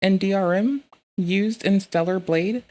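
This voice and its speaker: A woman streaming live, chatting casually with heavy swearing and bursting into loud, excitable rants. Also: medium pitch, unhurried.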